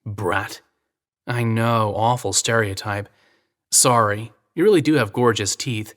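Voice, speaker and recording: A man's voice: fairly low pitch, a little slow, a bit bright. A man voicing a teasing American woman photographer. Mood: playful. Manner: playful, teasing, coy. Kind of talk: audio drama reading.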